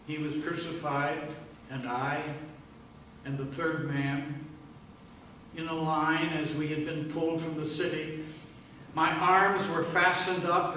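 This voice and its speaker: A man delivering a slow, solemn first-person dramatic monologue in a church service, with hushed pauses. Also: a little high, a little hiss or hum. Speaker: worship leader. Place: church sanctuary. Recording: echoey room, mic at a distance.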